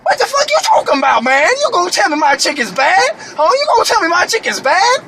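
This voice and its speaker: A man voicing a hot-tempered, touchy male chicken shop cashier who shouts and repeats himself. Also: very high voice, animated, brisk, far from the mic, heavy background noise. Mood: angry.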